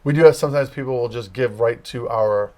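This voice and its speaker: Male campus minister, casual interview guest, mid-pitched, explains plainly and conversationally. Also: a little fast. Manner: explains step by step in a relaxed, conversational way.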